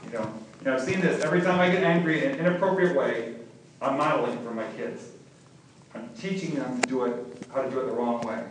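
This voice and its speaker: A man's voice: a little high, slight background noise. A middle-aged man as pastor, preaching a sermon in a conversational, humorous way. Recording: very echoey, from far off.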